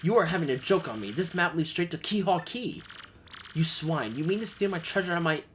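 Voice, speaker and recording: A man's voice: a little high, expressive, brisk, a bit bright, slight background noise. A man voicing a pompous, flamboyant male trader who talks in a grand, theatrical way. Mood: grandiose. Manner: grandiose, dramatic, self-praising.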